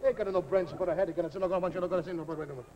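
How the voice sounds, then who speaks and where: An actor playing a boisterous middle-aged Italian cook in a live TV comedy sketch, with a mock Italian accent and broken English mixed with Italian-sounding double-talk. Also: male voice, sits high, fairly even intonation, rapid-fire, muffled recording. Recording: scratchy hissy 1949 television recording.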